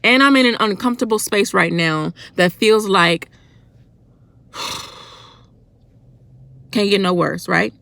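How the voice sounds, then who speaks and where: A woman delivers an impassioned devotional vlog, loud and worked up, with constant rhetorical questions. Her mid-pitched voice carries a gravelly fry. The sound is close and dry, with little room echo. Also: takes it slowly, pauses often. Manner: fervent, preachy and colloquial, with emphatic rhetorical questions. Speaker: faith vlogger.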